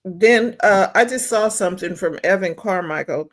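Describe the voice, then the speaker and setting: A woman co-hosting a casual livestream chat, making relaxed, chatty asides. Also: medium pitch, moderate pace.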